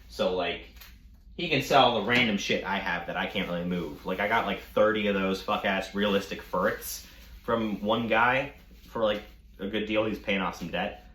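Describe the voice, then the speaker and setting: A man telling a casual storytime rant, animated, mocking and full of profanity. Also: low-pitched, echoey room. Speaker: storytime vlogger.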